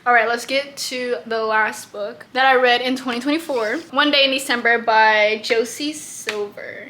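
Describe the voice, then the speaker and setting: A woman's voice: fairly high pitch, pushed and bright. A woman book vlogger talking casually and animatedly, getting worked up about the characters as she reviews her reads.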